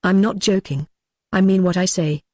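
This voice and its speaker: A man reading the part of an earnest gentleman who confides his ghost encounter to friends in an audiobook. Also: high voice, normal speed, dry recording, clean studio sound, lightly acted.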